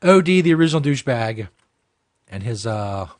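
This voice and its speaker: A man's voice: medium pitch, sing-song, moderate pace. A man hosting a comedy show, ranting and mocking with heavy swearing. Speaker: host. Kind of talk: profane comedic rant.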